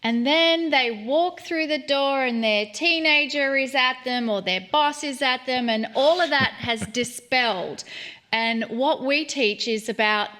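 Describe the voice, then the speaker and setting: A woman's voice: high voice, a little slow, bright, forceful tone. A woman hosting an interview, affirming her guest and asking open questions. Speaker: interview host. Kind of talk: interview conversation.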